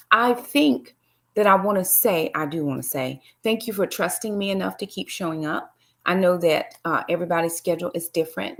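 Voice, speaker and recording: A middle-aged woman chats through a live-stream devotional, greeting viewers by name and slipping into preachy asides. Her voice sits fairly low with a gravelly edge. She talks casually to her audience between points. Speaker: livestream host and Bible study teacher.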